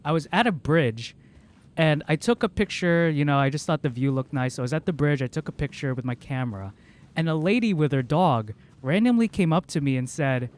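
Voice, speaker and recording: Rambling male streamer from the American South, slightly higher pitch, casual talk into a desk mic. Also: animated. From Southern United States. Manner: rambling, chatty storytelling, quick laughs. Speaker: game streamer. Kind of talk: casual chat while playing.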